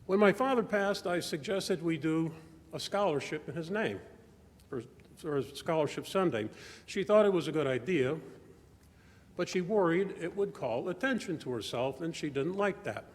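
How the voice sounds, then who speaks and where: In a large church sanctuary with long reverb, an older male church member with a higher-pitched voice gives a stewardship talk as a personal testimony. His storytelling is expressive yet measured and reflective.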